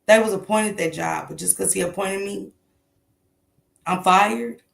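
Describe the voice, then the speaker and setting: A woman's voice: mid-range voice, a little slow, vocal fry, roomy sound. A woman hosting a casual morning commentary show, talking bluntly and emphatically with plenty of swearing.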